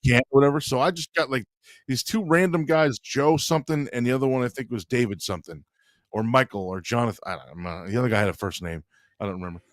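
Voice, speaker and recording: A man's voice: medium pitch, fast talker, dry recording, studio quality. A man co-hosting a comedy podcast, chatting loosely with frequent laughs and restarts. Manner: rambling, laughing often. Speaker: comedian co-host. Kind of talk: casual podcast banter.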